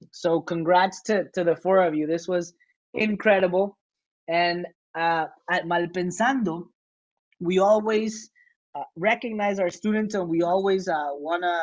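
Male MC, upbeat and rambling, on slightly dull lo-fi video call audio. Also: sits high. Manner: enthusiastic, rambling with restarts. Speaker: MC of a comedy workshop show. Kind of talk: hosting an online show.

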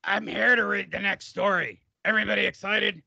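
A man's voice: high voice, steady tone, fairly quick, creaky, sharp tone, dry recording, highs cut off, full character voice. A man doing a comic impression of a crude old male boxing promoter with a put-on New York accent, rambling and self-mocking. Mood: mock-formal. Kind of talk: comic impression on a sports radio show.

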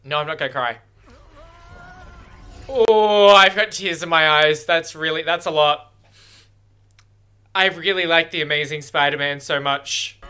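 Male reaction host, excitable, curses a lot, high-ish voice, talks to the screen. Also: measured pace, smooth. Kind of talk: casual first-watch reaction commentary.

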